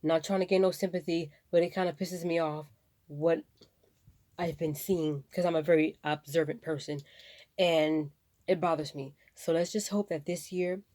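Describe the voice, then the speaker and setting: A woman's voice: low voice, fairly even intonation, moderate pace, mellow, no room sound. A woman vlogging about something that upsets her, rambling and impassioned, fighting back tears. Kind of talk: emotional personal vlog.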